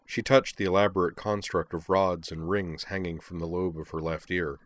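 A man narrating a story in an even, measured reading. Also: low-pitched. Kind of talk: audiobook narration of fan fiction.

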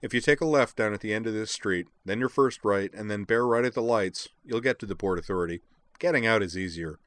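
A man's voice: fairly low pitch, brisk, fairly bright tone, no room sound, voice pushed up, lightly acted. A man voicing a burly, easygoing police sergeant in his forties as he reads a story aloud. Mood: friendly. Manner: easygoing, polite questioning. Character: burly middle-aged male police sergeant, friendly.

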